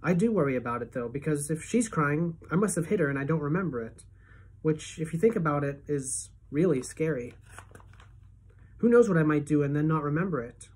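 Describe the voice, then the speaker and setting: A woman teacher reading a novel aloud to her class as a first-person narrator, steady and expressive. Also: sits low, fairly quick, slightly rough.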